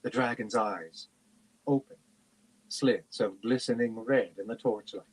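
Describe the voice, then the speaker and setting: A man reading a fantasy novel aloud in a steady, measured way on a livestream. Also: medium pitch, breathy edge, rough recording. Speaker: reader.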